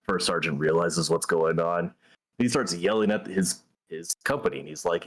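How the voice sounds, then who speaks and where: A man's voice: low voice, steady tone, moderate pace. A man hosting a gaming stream, telling a story in a blunt, profane, conversational way. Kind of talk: casual storytelling while gaming.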